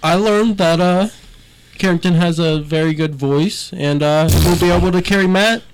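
A young man appearing as a guest on a chat show, talking haltingly with many fillers. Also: high-pitched, background noise. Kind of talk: casual chat.

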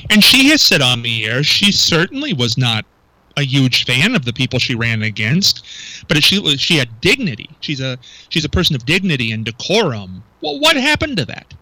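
A man's voice: mid-range voice, very animated, normal speed, sharp tone, no echo, poor audio. A male radio talk show host, chatting with his co-host, incredulous and full of rhetorical questions. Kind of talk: local talk radio banter. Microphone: studio microphone.

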